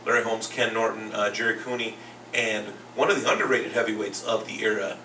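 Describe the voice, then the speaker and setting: With a fairly low pitch and fairly quick delivery, this man, a second grade teacher and podcast host, tells stories on his casual boxing talk show. He animates them by acting out others' quotes, and the audio has roomy echo, faint noise, and distance from the mic.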